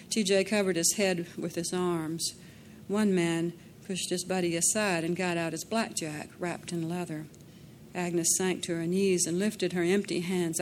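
A woman narrating a dramatic story in a measured way, slowing down in tense passages. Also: fairly low pitch, a little hiss or hum. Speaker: audiobook narrator.

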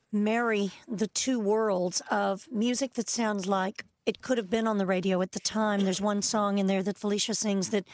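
A woman's voice: mid-range voice, no room sound. A woman from Texas with a Southern accent, a touring musical actress speaking enthusiastically in a radio interview.

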